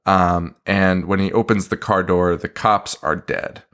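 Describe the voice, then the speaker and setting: A man's voice: low voice, fairly even intonation, a little slow, a bit bright, smooth. A man co-hosting a podcast, casually recapping a film scene by scene, swearing often and laughing in disbelief. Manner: profane, laughing, incredulous recapping. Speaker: podcast co-host. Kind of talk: casual movie review chat.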